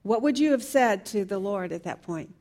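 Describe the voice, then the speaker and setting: A woman's voice: mid-range voice, lively intonation, normal speed, darkish tone. A woman teaching a Bible study class, earnestly asking the group question after question.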